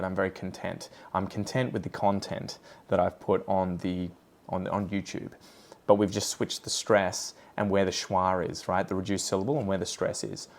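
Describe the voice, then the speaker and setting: An Australian man with a fairly low voice talks in a relaxed, chatty way, wandering from one tangent to the next. He sounds like a plant channel host thinking aloud while he pots plants. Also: creaky. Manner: chatty, rambling, goes off on tangents. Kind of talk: casual chat while potting plants.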